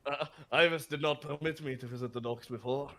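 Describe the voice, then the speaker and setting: A man's voice: mid-range voice, fairly even intonation, fairly quick, a bit bright, voice pushed down, lightly acted. A man voicing a sheltered, fanciful young noblewoman writing her diary, with a put-on Scottish accent and a prim, melodramatic reading manner. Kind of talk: reading aloud in character.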